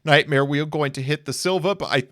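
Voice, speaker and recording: Recorded in studio quality with no room sound, this hiccuping man calls card duels for YouTube in a relaxed play-by-play. His voice sits on the high side, a bit fast and fairly bright, and his manner is wry and cheerful as he talks to viewers like folks.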